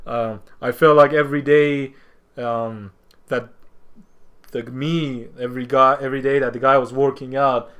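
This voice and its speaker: A man talking as a podcast guest, telling a story casually, halting and restarting often, and acting out what others said. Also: mid-range voice, smooth. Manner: halting, with many restarts and repeated words; animated, acts out what others said.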